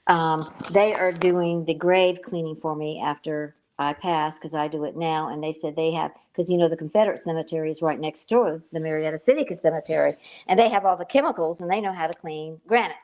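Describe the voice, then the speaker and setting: A woman's voice: sits low, fairly even intonation, fairly quick, hardly any pauses, a little mellow. A woman author talking over a video call as an interview guest, earnest and rambling, filling gaps with "um" and "you know". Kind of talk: emotional interview talk.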